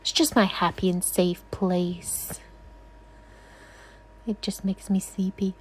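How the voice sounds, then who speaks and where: A woman's voice: mid-range voice, fairly even intonation, slow, slight background noise. A woman nail technician doing a casual, rambling tutorial voice-over, chatty and self-deprecating, often apologizing.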